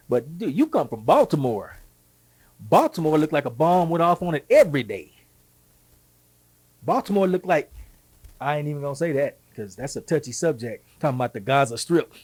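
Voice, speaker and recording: A middle-aged Texan man hosting a show, talking in an animated, folksy monologue with quick asides and a husky voice. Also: mid-range voice. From Texas. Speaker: show host. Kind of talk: casual monologue.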